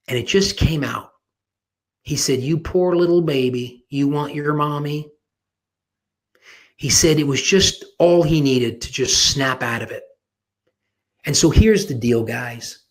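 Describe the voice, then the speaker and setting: A middle-aged man coaching on sales and personal branding in a webinar pitch, talking informally, telling anecdotes and repeating phrases for emphasis. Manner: tells anecdotes in a folksy, informal way.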